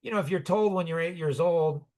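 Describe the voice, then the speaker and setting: A man's voice: fairly high pitch, a little fast, darkish tone. A man in his sixties telling personal stories in conversation, rambling and reflective, often restarting and chuckling. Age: 60s.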